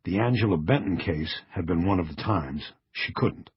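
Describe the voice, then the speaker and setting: A man narrating a first-person audiobook in a measured, understated reading. His voice is very low and strongly husky. The sound is dry and slightly dull. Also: expressive, no echo.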